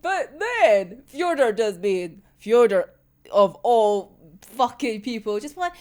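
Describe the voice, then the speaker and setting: Woman, rough unwell voice, swearing, laughing, casual manga reaction, very expressive pitch. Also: slow pace. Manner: swears a lot, laughs often. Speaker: manga reviewer.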